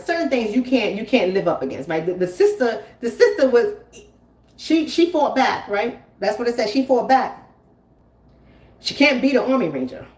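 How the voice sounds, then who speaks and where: A woman's voice: fairly high pitch, a little mellow. A woman in her forties, a host talking at home in a casual stream, emphatic and preachy, repeating her phrases. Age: 40s. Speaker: commentary host. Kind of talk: casual live-stream talk. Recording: roomy, from a distance.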